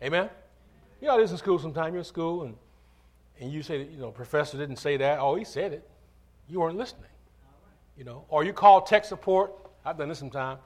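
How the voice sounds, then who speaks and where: A male pastor with a slightly high, expressive voice preaches a sermon at a somewhat quick clip. He leads call-and-response, asking the congregation for amens, and slips casual stories and conversational asides in between his points.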